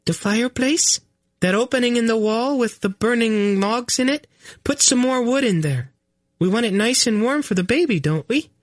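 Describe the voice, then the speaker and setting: Man voicing a high, bossy young pregnant queen. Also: animated, dry recording, clean studio sound. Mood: patiently bossy. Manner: impatient, speaks slowly and distinctly as if to a fool. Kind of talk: audiobook character voice.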